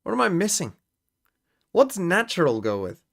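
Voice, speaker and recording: A man's voice: high-pitched, wildly swooping pitch, normal speed, gravelly. A man streaming live, casually chatting with viewers and muttering guesses to himself as he works through a word puzzle. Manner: thinks aloud, muttering guesses and reading chat. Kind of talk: casual livestream chat.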